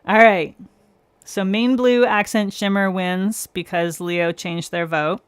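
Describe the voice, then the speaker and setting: In a smooth, medium-pitched voice that's a little slow and free of echo, a woman hosts a casual nail art livestream. She talks with viewers by name, laughs a lot, and explains what she's doing step by step as she works.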